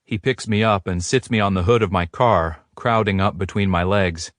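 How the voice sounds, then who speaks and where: A man narrating a romance audiobook in a measured, steady storytelling voice. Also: deep voice, no room sound. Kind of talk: scripted narration.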